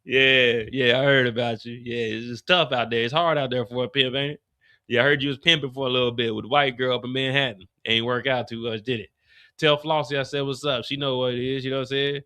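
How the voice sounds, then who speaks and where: A man's voice: mid-range voice, steady tone, fairly quick, sharp tone, clear, resonant tone, no room sound, lightly acted. A man playing a cocky, flirtatious male street hustler who taunts and laughs, recapping a TV show. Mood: taunting. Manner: swaggering, taunting, laughing at her.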